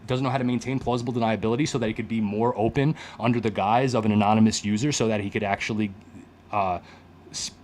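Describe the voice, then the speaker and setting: Rambling, mocking male streamer. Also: medium pitch. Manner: rambling, animated, mocking, many restarts. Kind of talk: casual commentary stream.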